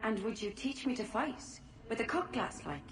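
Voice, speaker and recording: A woman's voice: on the high side, sing-song, moderate pace, far from the mic, slight background noise. A woman voicing an uncertain young woman asking eagerly to learn sailing and fighting. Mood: hesitant. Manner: hesitant, eager questions.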